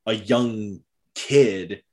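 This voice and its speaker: Chatty man with a low voice. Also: extremely slow. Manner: animated storyteller, many fillers, acts out characters' lines. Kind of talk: casual chat recapping a period drama.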